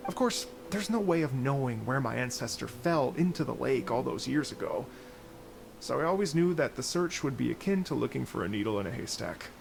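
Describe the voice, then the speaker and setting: An actor playing a gentle, courteous traveling musician who speaks softly and tells stories at length. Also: male voice, medium pitch, lively intonation, brisk, vocal fry, slight background noise. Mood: storytelling. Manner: soft-spoken, storytelling.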